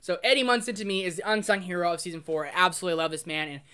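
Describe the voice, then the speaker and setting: A man giving a casual spoiler review of a show. He gushes excitedly, says "like" constantly, and swings from loud exclamations to hushed emotional asides. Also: sits high, racing, clear, resonant tone. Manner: excitable, gushing, heavy use of "like". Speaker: film review host.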